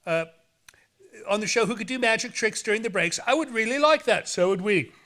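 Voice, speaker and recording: A man's voice: high-pitched, animated, a little fast, sharp tone. A man hosting a horror movie show, rambling and joking in playful banter. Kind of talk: playful, campy hosting chat.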